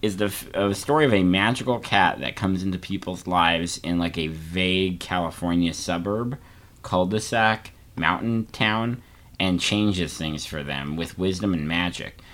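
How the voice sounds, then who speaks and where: A man co-hosting a podcast, chatting casually with quick jokes. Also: low-pitched. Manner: animated, jokey, quick asides. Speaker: podcast co-host. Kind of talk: casual chat.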